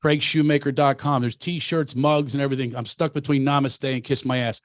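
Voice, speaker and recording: A man's voice: medium pitch, steady tone, brisk, no room sound. Man from Philadelphia, comic and coach, brash and preachy, dry close sound. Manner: brash, self-mocking, preachy. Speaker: comedian and coach. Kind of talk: casual storytelling chat.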